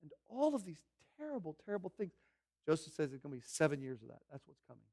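A man preaching a sermon, pressing his points with slow, loud declarations and then dropping to quiet, low asides. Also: sing-song. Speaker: pastor.

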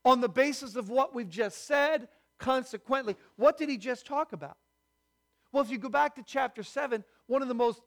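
High-voiced preaching man. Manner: preaching with rhetorical questions to the congregation; prayerful and hushed when praying. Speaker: pastor. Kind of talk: sermon.

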